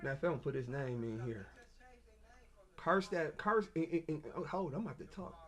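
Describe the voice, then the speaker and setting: A man's voice: a little high, lively intonation, normal speed. A man in an agitated casual monologue rant, stammering and repeating himself. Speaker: self-published author.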